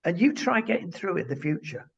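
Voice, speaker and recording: A high, gravelly man with a husky edge speaks indignantly to the viewer on a talk show. The sound is dull and lo-fi. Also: sing-song, brisk. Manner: indignant, addresses the viewer directly. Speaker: co-host.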